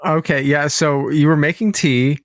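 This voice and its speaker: A woman's voice: deep voice, steady tone, moderate pace, dry recording, studio quality. A young woman co-hosting a podcast in casual chat, a playful storyteller who acts out the conversations she retells. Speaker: podcast co-host.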